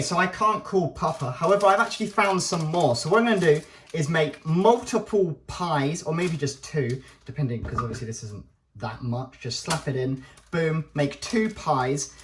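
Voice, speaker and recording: A man's voice: on the high side, a little hiss or hum. A young man talking to himself while cooking in a home kitchen, chatty and self-mocking. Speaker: vlogger. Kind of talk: casual cooking vlog. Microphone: head-mounted action camera.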